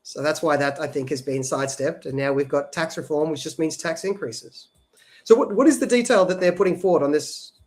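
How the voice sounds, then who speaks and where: This man talks in a noticeably high voice as he co-hosts a policy podcast. He explains the economics at length in a casual, conversational way and keeps tagging his points with "right?". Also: a little fast. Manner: explanatory, frequent "right?" tag questions. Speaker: podcast co-host.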